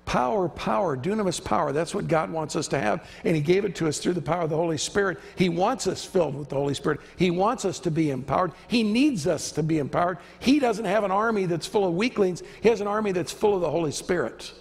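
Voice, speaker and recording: A male guest preacher delivers an emphatic sermon, acting out the voices he quotes. His voice sits high with a gravelly edge. The sound rings with the long reverb of a church sanctuary. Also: quick pace, hardly any pauses. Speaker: visiting preacher.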